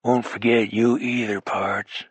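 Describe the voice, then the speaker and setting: A man voicing a menacing cowboy killer who talks low in a long, slow drawl. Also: flat delivery, breathy edge, no room sound. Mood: taunting.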